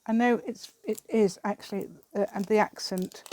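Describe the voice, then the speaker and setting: A woman's voice: mid-range voice, fairly even intonation, moderate pace, a little mellow. Chatty English woman, middle-aged. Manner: rambling, chatty, laughs often. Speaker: craft vlogger. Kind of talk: casual chat while crafting.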